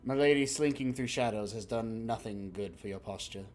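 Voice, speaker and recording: A man's voice: lowish voice, moderate pace, a little mellow, natural voice. A man doing a prim, formal butler. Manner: formal, politely scolding. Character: prim, proper male butler, middle-aged.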